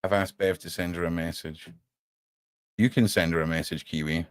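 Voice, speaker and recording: Low-sitting, clear and resonant, this man's voice moves at a moderate pace with no echo. He's hosting a relaxed livestream podcast, animatedly addressing the chat as "mate" and swearing casually now and again.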